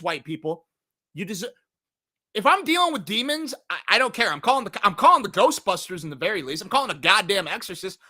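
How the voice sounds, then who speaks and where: Lively high-voiced man reviewing movies. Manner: animated, jokey, profane, acts out scenes in put-on voices. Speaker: podcast host reviewing movies. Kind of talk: casual movie review chat.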